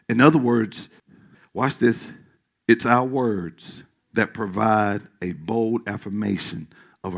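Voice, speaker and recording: A male pastor preaching a sermon in church, calling out questions to the congregation and dropping into hushed asides. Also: medium pitch. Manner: call-and-response preaching, swings from loud to hushed asides.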